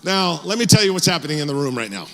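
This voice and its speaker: A middle-aged male pastor preaching a sermon, telling a personal story in an animated, conversational way with fillers and restarts, recorded on a stage mic in a church sanctuary. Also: on the high side, rapid-fire, background noise. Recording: echoey church hall.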